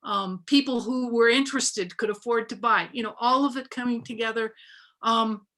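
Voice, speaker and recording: A woman's voice: on the high side, steady tone, normal speed, fairly bright tone. A woman, a book artist, talking reflectively in a panel over a video call, with many fillers and restarts. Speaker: book artist giving a talk.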